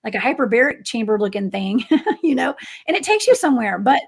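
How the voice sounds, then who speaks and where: A woman's voice: on the high side, sing-song, fairly quick, creaky, slightly rough. A woman hosting a radio talk show, chatting casually and reacting to her guest with short interjections.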